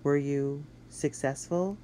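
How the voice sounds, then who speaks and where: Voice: medium pitch, moderate pace, dark tone, a little hiss or hum, close to an everyday voice. A reader doing a weak, wounded young spy. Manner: weak, whispery.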